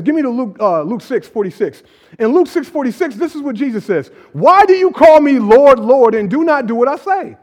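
A pastor preaching a sermon to his congregation, casual and conversational, building emphatic repeated lines. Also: sits high. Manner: preaching with emphatic repetition and rising calls.

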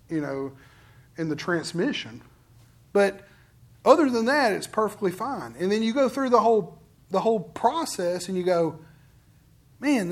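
Guy giving a sermon, pretty high voice, tells stories and does the other people's lines. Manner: conversational storytelling preaching, quotes others in lively voices. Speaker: pastor.

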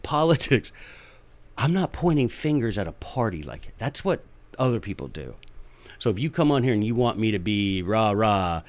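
A man giving impassioned, folksy political commentary as a podcast host, repeating his points for emphasis. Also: medium pitch.

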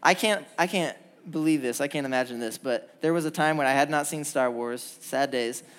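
A young man preaching a sermon to a church crowd, earnest and animated as he tells stories. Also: a little high, normal speed. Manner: animated storytelling, lively and earnest. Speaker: pastor. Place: church hall.

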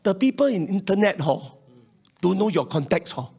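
Pastor preaching, high voice, keeps chuckling and calling out to the crowd. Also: male voice, big pitch swings, normal speed, gravelly, darkish tone, slightly rough. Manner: emphatic, repetitive, calls for congregation responses; chuckles often between points. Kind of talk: sermon.

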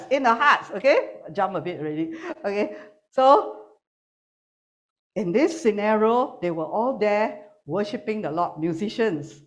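A woman preaching a sermon to a congregation, animated and teasing, swinging between loud calls and quiet asides. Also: medium pitch. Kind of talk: sermon with humor. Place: church hall with online congregation.

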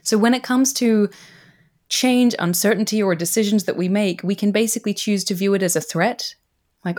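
A woman's voice: mid-range voice, fairly quick, darkish tone. This is a woman researcher appearing as a podcast guest. She explains ideas in an earnest, conversational way. She often adds "you know" as she talks. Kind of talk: casual conversational interview.

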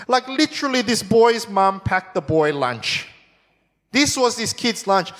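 Animated preacher in a reverberant hall. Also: male voice, high voice, moderate pace. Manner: animated, jokey storytelling with acted-out voices. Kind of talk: sermon.

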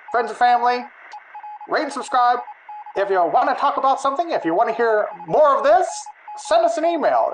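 A man's voice: very high voice, slight background noise, rough recording. A man putting on a transatlantic-accented announcer. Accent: transatlantic, put on. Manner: mock-formal, jokey old-timey announcing. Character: male mid-century announcer with a transatlantic accent, grandly formal. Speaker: podcast co-host.

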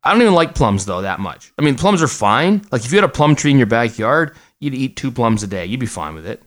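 A man's voice: mid-range voice, very animated, a little fast. A middle-aged man co-hosting a podcast, chatting casually with jokes and a lot of restarts. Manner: rambling, joking, many restarts. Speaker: podcast co-host. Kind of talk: casual chat.

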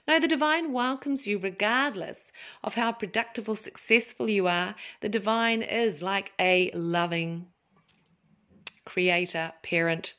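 Woman doing a calm spiritual talk, soft and slow, brit or aussie sounding, mid pitched voice. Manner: gentle, slow and soothing, with acted-out asides. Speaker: podcast host.

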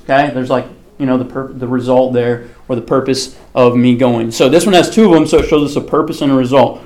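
A man's voice: mid-range voice, fairly even intonation, quick pace, hardly any pauses, darkish tone. Male Bible study teacher, casual and conversational, asks questions of the class, lots of filler words. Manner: frequent fillers like "okay" and "like".

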